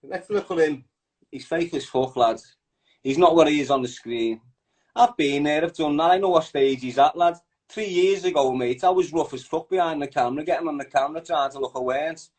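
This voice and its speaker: A man's voice: on the high side, fairly quick, a little mellow. A man, talking bluntly and combatively in a heated podcast chat, swearing a lot.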